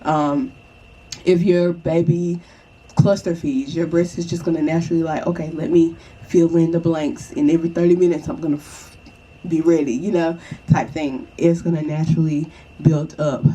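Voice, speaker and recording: A woman's voice: sits low, level tone, normal speed, dark tone, breathy edge, poor audio. A young woman chatting casually and reassuringly to the viewer, often checking in with "okay?". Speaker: vlogger. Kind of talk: casual advice chat.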